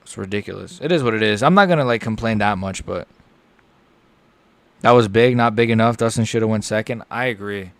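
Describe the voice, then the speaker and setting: Dude streaming a live fight reaction, chatty and hyped, super dry close mic sound. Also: male voice, fairly low pitch, fairly quick, no echo. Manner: chatty, excitable, lots of "like" and "bro". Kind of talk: casual live reaction commentary.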